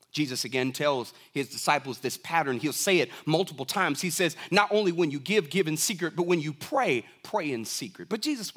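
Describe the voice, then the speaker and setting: A young adult man preaching a sermon as a pastor, moving from soft, low asides to raised, emphatic lines. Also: breathy edge.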